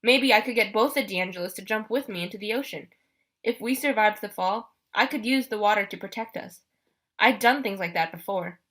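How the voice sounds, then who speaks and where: A woman narrates a first-person adventure audiobook with a bright, clear tone. She reads briskly and expressively, with energy in the telling. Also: mid-range voice.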